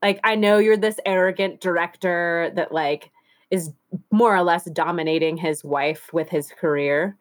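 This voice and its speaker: A woman's voice: fairly low pitch, a little slow. Blunt, profane young woman chatting. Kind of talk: casual chat.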